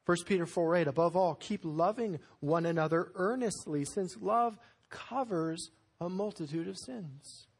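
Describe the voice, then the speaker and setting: Male pastor, husky tone, lively storytelling sermon. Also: sits high, measured pace. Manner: animated storytelling with sudden loud bursts.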